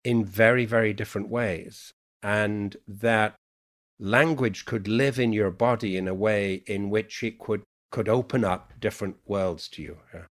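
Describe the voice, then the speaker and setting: Low-voiced musing man, Yorkshire-Irish lilt. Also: fairly even intonation. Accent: mixed Yorkshire, Irish and Americanized English. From Yorkshire, England. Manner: unhurried, musing storyteller with many "you know"s. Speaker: poet guest. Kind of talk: reflective podcast conversation.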